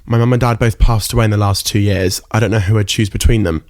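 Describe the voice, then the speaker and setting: A man's voice: lowish voice, steady tone, fast talker, a little mellow, no echo. A young man hosting a solo podcast, talking candidly and emotionally, close to tears, with casual swearing. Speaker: podcast host.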